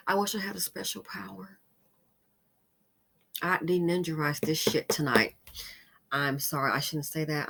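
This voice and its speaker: An emphatic woman hosts her own opinion commentary. Her voice is bright and forceful. She sounds upset and emotional, and at times she drops into a weary, quiet tone. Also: deep voice, steady tone, measured pace, creaky, pauses often, slightly rough. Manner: emphatic, heated, sometimes drops to a weary hush. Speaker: commentary channel host.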